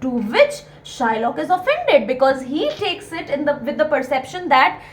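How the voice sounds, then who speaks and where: A woman's voice: high voice, big pitch swings, normal speed, poor audio. A young woman, explaining a play to students in an earnest, repetitive way with many fillers. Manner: earnest, repeats key points with many fillers. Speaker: teacher.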